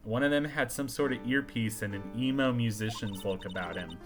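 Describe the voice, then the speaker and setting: A man's voice: mid-range voice, fairly quick, close to an everyday voice. A man doing a clumsy young policewoman, "sir"-heavy. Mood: earnest. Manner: clumsy, says "sir" a lot. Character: earnest young female police officer, unlucky. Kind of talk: amateur game voice-over. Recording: game music behind.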